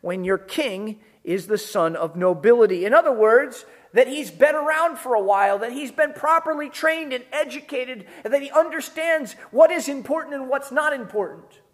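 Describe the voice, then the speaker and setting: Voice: sits high, animated, normal speed, hardly any pauses. Pastor, sermon, emphatic, conversational, earnest.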